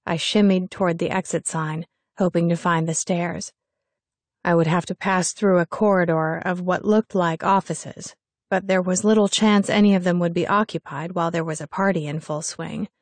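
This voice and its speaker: A young woman narrating a first-person story in an expressive, wry reading style. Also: fairly low pitch, normal speed, dry recording. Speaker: audiobook narrator.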